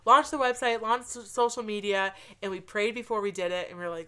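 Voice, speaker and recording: A woman's voice: mid-range voice, a little fast, few pauses, clean tone. Earnest woman telling a story. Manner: earnest, animated storytelling with frequent "like". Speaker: guest telling her story. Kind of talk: casual chat.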